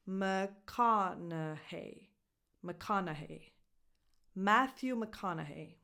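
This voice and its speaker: Woman coach, deliberate pace, breaks words into syllables for learners. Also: on the low side, vocal fry, a bit bright. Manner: slow, careful, repeats words syllable by syllable. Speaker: English pronunciation coach. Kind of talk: pronunciation lesson to camera.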